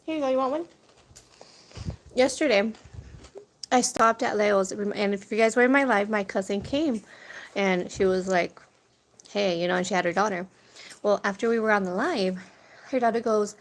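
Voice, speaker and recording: Young female food vlogger, casual storyteller, gravelly tone, faint outdoor noise behind. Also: medium pitch, moderate pace, long pauses. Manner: chatty storyteller, swears casually, laughs often. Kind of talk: casual chat to a live audience. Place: outdoors near a corner store. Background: wind and birds.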